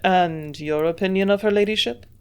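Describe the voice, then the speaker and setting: A woman's voice: mid-range voice, normal speed, darkish tone, smooth, natural voice. A woman voicing a curious young male doctor who keeps pressing with questions, in her own everyday voice. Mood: questioning.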